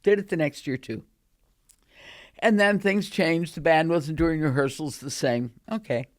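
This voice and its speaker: An older woman in her eighties recalls her past in casual storytelling. She speaks in a lively, animated way. She is recorded in a studio. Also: sits low, unhurried. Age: 80s. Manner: animated, acts out quoted voices. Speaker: guest recalling her career.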